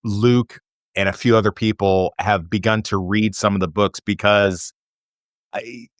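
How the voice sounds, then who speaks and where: A man with a low voice talks loosely on a podcast and drops wry, sarcastic remarks. His talk rambles a little, with an easy, unpolished flow. The recording is dry and close. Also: fairly even intonation, a little slow, dry recording. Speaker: podcast co-host. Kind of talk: casual chat.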